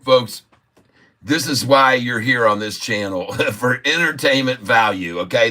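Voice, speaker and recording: A man's voice: mid-range voice, measured pace, bright, forceful tone. A middle-aged man hosting a live stock-trading stream, chatting casually, laughing often and reading viewer comments aloud. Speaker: livestream stock trading host. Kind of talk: casual livestream chat with viewers.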